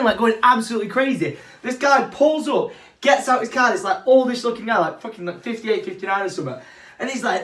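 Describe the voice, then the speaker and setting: A young man vlogging from England, acting out the people in his story with lots of swearing. His voice sits high and he talks very fast, full of energy. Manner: animated, swears freely, acts out quotes. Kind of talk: storytelling vlog.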